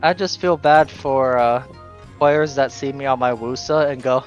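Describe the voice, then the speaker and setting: A man's voice: mid-range voice, fairly even intonation, a little slow, soft background music. A man streaming, chatting casually and explaining game tactics, swearing now and then. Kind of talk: casual chat while gaming.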